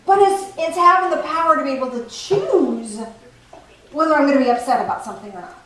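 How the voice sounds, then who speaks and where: A woman giving a playful, animated spiritual talk to a group, often laughing as she teaches. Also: sits high, a little fast. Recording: echoey room from far off, faint noise.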